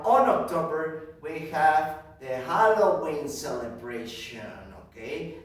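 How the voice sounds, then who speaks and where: Slow, echoey teacher man. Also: on the high side. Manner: slow and deliberate, repeating each point in Spanish; checks in with frequent "okay?". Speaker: kindergarten English teacher. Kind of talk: recorded class for young children. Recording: echoey room, distant mic.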